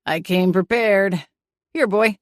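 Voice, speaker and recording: A woman voicing an easygoing, good-humored man in an audiobook, speaking in a relaxed way. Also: mid-range voice, slow, no room sound, studio quality, lightly acted. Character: easygoing, amused man driving.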